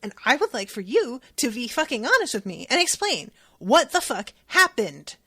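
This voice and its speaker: A woman's voice: a little high, animated, a little slow, fairly bright tone. Teenage boy wizard, blunt, profane, insistent, woman reading. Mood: demanding.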